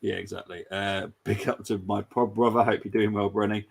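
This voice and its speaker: A man's voice: lowish voice, steady tone, fairly quick, creaky, few pauses, slightly rough. A man hosting a casual football preview show, chatty and giggly, reading out viewer comments. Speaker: host.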